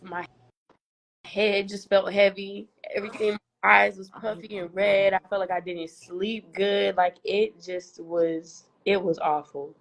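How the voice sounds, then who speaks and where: A young woman co-hosting a podcast, with a voice of middling pitch. She rambles through her story in relaxed, slangy chat. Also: unhurried, poor audio. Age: young adult. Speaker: podcast co-host. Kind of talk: casual chat.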